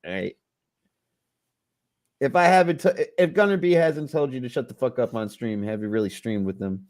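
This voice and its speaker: A man's voice: medium pitch, lively intonation, moderate pace, pauses often. Rowdy, profane male stream host. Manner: profane, loud, laughing, prone to shouting outbursts. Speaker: podcast host. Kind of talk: casual livestream chat.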